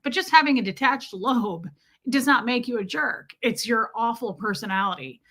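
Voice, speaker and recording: A chatty, joking American woman in her forties greets viewers on her live stream. Her voice is bright and sits a little high. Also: expressive, moderate pace. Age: 40s. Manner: chatty, sarcastic, jokey. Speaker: livestream host. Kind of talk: casual live-stream chat reading viewer comments.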